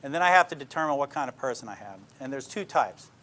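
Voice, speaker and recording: An older police detective gives an informal talk to a live class, speaking plainly and sharing lots of anecdotes while checking in with his listeners. His medium-pitched voice is expressive, bright, and pushed, and he talks fast.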